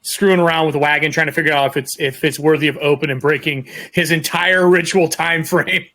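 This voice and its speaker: A man runs a tabletop game and narrates scenes in a loose, meandering way, full of restarts. His voice sits somewhat high for a man. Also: fairly even intonation, brisk, pushed and bright. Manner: descriptive, loose, with fillers and restarts. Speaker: game master.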